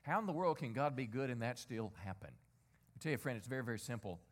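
A man's voice: medium pitch, lively intonation, fast. A middle-aged man preaching a sermon as a pastor. He speaks in a conversational way, asks many rhetorical questions and gets the congregation to repeat lines after him.

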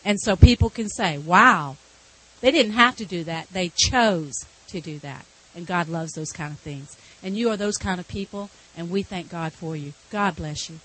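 Low-voiced woman giving a blessing. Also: normal speed, fairly bright tone, low-quality recording.

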